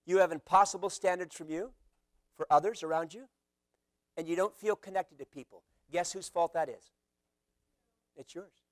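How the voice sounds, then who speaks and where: Animated high-voiced male preacher. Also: moderate pace, long pauses, no room sound, studio quality. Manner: animated preaching, acting out quotes with sudden loud shouts. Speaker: pastor. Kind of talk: sermon.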